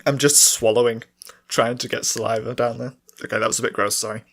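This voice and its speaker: A man's voice: medium pitch, steady tone, fairly quick, fairly bright tone. A young man rambling through a casual podcast chat and laughing at himself, his throat dry and sore from talking. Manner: rambling, self-mocking, laughs often. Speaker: podcast co-host. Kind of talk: casual solo chat and singing along.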